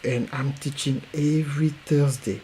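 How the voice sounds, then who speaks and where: A man with a French accent giving an emphatic, repetitive promotional pitch as a podcast coach. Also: steady tone, measured pace, mellow, slight background noise, poor audio.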